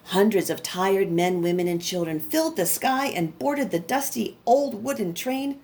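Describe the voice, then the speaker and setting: A woman reading a picture book aloud to children, expressive and lively, talking straight to the kids as a teacher. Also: mid-range voice, normal speed.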